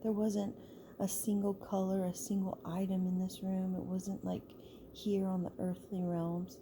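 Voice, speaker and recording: A woman's voice: mid-range voice, little pitch movement, a little slow, warm tone, slight background noise. A woman telling a story in a loose, chatty way, full of "like" and restarts. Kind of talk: casual spoken storytelling.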